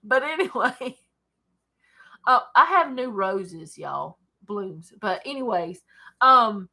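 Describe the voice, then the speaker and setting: A woman's voice: mid-range voice, lively intonation, takes it slowly, sharp tone. A woman with a Southern US accent, reading scripture and chatting about it casually at her desk at home, digressing often and laughing. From Alabama, USA. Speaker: Bible study host. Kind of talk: casual Bible reading and commentary.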